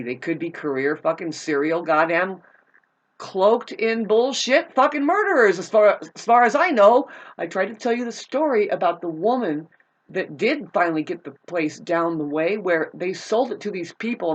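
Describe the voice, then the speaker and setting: A woman's voice: medium pitch, animated, moderate pace. A woman telling a personal grievance in a casual, rambling monologue, agitated and profane, with frequent restarts.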